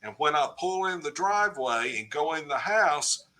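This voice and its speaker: A man's voice: fairly high pitch, moderate pace. An older man, telling a personal story as a podcast guest and acting out the dialogue. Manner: lively storyteller who acts out quoted dialogue. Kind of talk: casual anecdote telling on a podcast.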